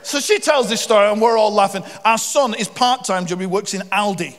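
A middle-aged man gives a guest sermon in a church hall, and his fairly high voice carries a long reverb. He tells humorous stories briskly and acts out the people in them. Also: a bit bright. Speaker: guest preacher.

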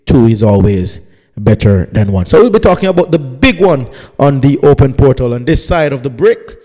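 A man's voice: medium pitch, sing-song, moderate pace, warm tone, in a large hall. A man, a pastor hosting a live radio talk show, introducing his guest in a chatty, teasing way with rambling asides.

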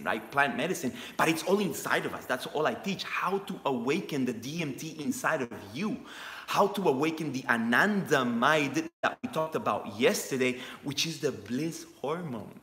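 A man's voice: medium pitch, fairly bright tone. A middle-aged man hosting a wellness livestream, talking enthusiastically and often asking "right?". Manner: enthusiastic, repeats himself, asks "right?" often. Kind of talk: motivational livestream talk. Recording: echoey room with long reverb.

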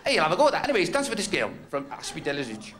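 A man's voice: on the high side, wildly swooping pitch, very fast. A man from North West England doing a rambling, self-mocking stand-up routine on a club stage, often laughing at his own jokes. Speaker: stand-up comedian. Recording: noisy old club recording. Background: audience laughter.

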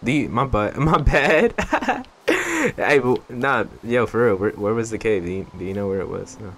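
A young man giving casual, joking gameplay commentary to his viewers. He swears freely and bursts into excited yelps. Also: fairly low pitch, normal speed, noisy background. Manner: chatty, talks straight to viewers. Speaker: gaming YouTuber.

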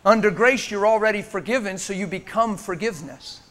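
High-voiced impassioned man preaching. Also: fairly quick. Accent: American. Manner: impassioned, swinging from loud urging to hushed. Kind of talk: sermon. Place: church sanctuary.

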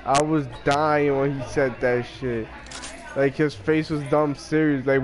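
A young man with a Massachusetts accent chats casually while gaming, his voice medium in pitch, steady in tone and measured in pace. He jokes, laughs, and often stammers and restarts his words. Loud music plays behind him.

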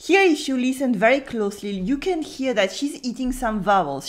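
In a video lesson, a native French woman with a slightly high voice teaches clearly, slowly repeating example words.

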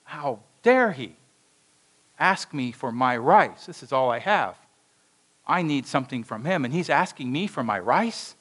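A man's voice: fairly low pitch, normal speed, a bit bright. A man voicing a poor, bitter beggar in a told story, pleading and then outraged. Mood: indignant. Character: poor old male beggar, indignant and bitter.

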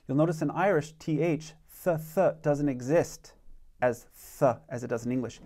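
A man teaching an online beginner language lesson, speaking slowly and patiently and modeling phrases for learners to repeat. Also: on the high side, fairly even intonation, mellow.

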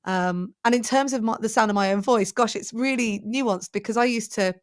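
A woman's voice: on the high side, normal speed. A middle-aged woman, a presenter coach, talking enthusiastically in a podcast interview and thinking aloud as she goes.

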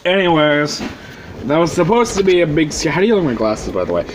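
A man with a notably high voice rants to camera in a loose, sarcastic, heavily profane way. He wanders off track and circles back, and a faint hiss sits under the recording. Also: sing-song, brisk, rough recording. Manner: rambling, sarcastic, swears constantly. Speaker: vlogger. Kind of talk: profane ranting commentary.

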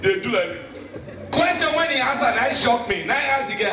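A man with a Nigerian accent doing stand-up comedy, telling stories with animated delivery and shouting his punchlines to the crowd. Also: very high-pitched, fairly quick, noisy background. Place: comedy stage before a live audience. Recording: echoey stage from far off with crowd.

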